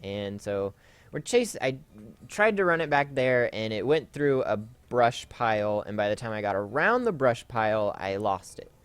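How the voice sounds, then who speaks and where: A man's voice: lowish voice, very animated, moderate pace, smooth, dry recording. A man hosting a Let's Play, rambling through a casual story with lots of fillers and self-corrections while he plays.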